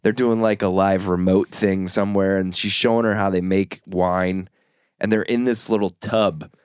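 A man co-hosting a podcast in casual chat, telling stories with lively acted-out voices. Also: sits low, moderate pace, clear, resonant tone, dry recording, clean studio sound. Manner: animated storyteller, acts out others' voices. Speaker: podcast co-host.

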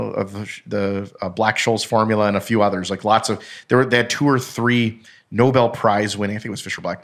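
Guy with a lowish voice rambling thru a finance story, swears a bit, chatty. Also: fairly bright tone. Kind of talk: casual explanatory chat.

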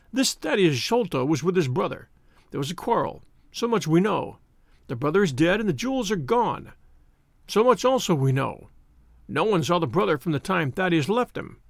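A man performs an audiobook character: a stout, blustering, middle-aged police inspector who is husky, wheezy, and full of himself, booming out his theories in a pompous, loud, boastful way. The exaggerated voice leaps high and swings wildly in pitch with a gravelly edge. The recording is close and dry, with no room sound.

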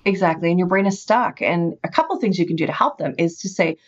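A woman's voice: lowish voice, fast, dull audio. A mother chatting candidly and earnestly about parenting, often laughing at herself. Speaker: parent guest on a parenting podcast. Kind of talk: candid conversational chat.

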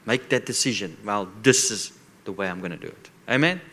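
A man's voice: lowish voice, lively intonation, brisk, a bit bright. A man preaching a sermon as a guest speaker, repeating rhetorical questions to the congregation.

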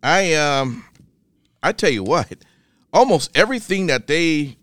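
A man hosts a podcast in a laid-back, agreeable way and moves things from segment to segment. He speaks slowly, his pitch swings widely, and the sound is dry. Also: animated, fairly bright tone, dry recording. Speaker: podcast host. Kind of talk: casual podcast hosting.

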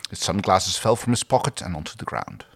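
A man narrating fan fiction on a podcast, with a lowish voice that swings very widely in pitch. He reads steadily and answers his co-host with short agreeing words. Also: sing-song, a little fast, creaky, fairly bright tone. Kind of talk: reading fan fiction aloud.

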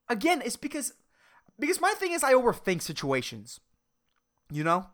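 A woman's voice: on the high side, moderate pace, pauses often. A woman hosting a solo podcast rant, rambling, swearing a lot and cutting herself off, over-caffeinated. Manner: profane, rambling, excitable, self-interrupting. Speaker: podcast host.

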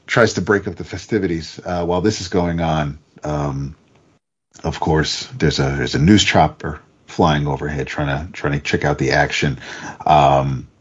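Low husky man recapping comics. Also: lo-fi sound. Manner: halting, many restarts and fillers. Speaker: comics podcast host. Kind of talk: casual comic book recap.

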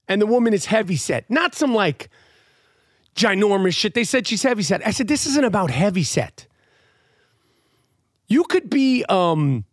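Loud new guy ranting, high voice that jumps all over, dry close sound. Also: no room sound. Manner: animated, loud, profane, swings between shouting and muttering. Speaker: comedian ranting to camera. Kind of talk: profane comic rant.

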